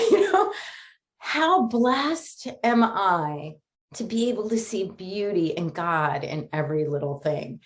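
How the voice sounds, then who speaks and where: A woman's voice: medium pitch, expressive, takes it slowly. A middle-aged woman minister from Florida, giving a chatty, conversational sermon full of stories, fillers and little laughs. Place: Sunday spiritual gathering streamed online.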